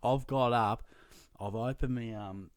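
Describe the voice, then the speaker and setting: A young Australian man, a podcast host, telling a profane, self-mocking anecdote in a casual, animated way. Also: medium pitch, measured pace, clean tone, dry recording, clean studio sound. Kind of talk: casual storytelling.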